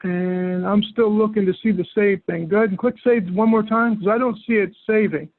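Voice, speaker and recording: This is call audio of a software tutorial: a man whose voice sits fairly high patiently talks someone through every click in an easygoing way. The sound is tinny, phone-like, close and dry, brisk in pace, with no room sound.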